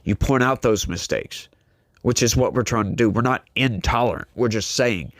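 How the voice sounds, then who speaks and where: A man hosts a political commentary show and talks straight to his listeners in an emphatic, sermonizing way. His voice sits at an ordinary middle pitch for a man. The recording is close and dry, with no room sound. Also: moderate pace, no room sound. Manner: emphatic, preachy, talks straight to the audience with "folks" and "y'all". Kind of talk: opinionated political commentary monologue.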